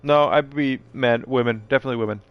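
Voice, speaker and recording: A man's voice: medium pitch, fast talker, clean tone, no room sound, highs cut off. Middle-aged guy streaming, rambling chat with viewers, talks back to chat. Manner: rambling, chatty, answers chat messages. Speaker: live streamer.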